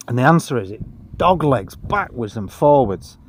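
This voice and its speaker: A worn-out man records a travel vlog outdoors while bikepacking. He speaks in a dry, self-mocking monotone at a middling pitch. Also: moderate pace. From Britain. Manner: dry, self-deprecating, low-energy monotone. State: tired. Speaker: vlogger. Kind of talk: casual travel vlog to camera. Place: outdoors on a cycling trip.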